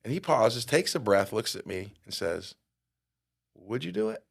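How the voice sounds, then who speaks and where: A middle-aged man telling a personal story in a podcast interview, acting out quotes and getting loud at the big moments. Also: medium pitch, normal speed, creaky. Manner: animated storyteller, acts out quotes with big jumps in loudness. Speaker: guest.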